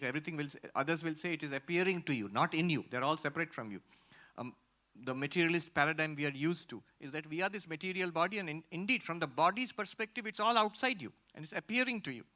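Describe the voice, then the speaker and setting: Animated monk lecturing. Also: male voice, a little high. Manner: animated, emphatic, pauses to repeat key phrases. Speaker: monk teaching Vedanta. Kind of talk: spiritual lecture with audience Q&A. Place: lecture hall with audience. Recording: muffled lo-fi lecture recording.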